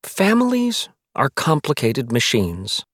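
A man reading a novel aloud as its narrator, telling the story in a measured, wry way. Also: medium pitch, wildly swooping pitch, a bit bright, dry recording, clean studio sound. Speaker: audiobook narrator. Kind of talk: scripted narration.

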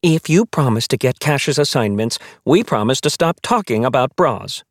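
A man voicing a busy, fussy mother who is anxious about appearances, raising his voice higher and speaking in a brisk, pointed way. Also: expressive, dry recording, studio quality, close to an everyday voice.

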